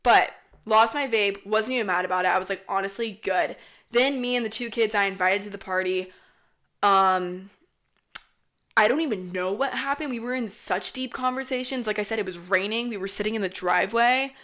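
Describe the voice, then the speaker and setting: A young woman hosting a podcast, spinning a casual storytime with no filter. She rambles from one thing to the next, swears freely and fills every gap with "like". Her voice sits at a middle pitch. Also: moderate pace, a bit bright. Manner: rambling, heavy swearing, lots of "like". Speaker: podcast host.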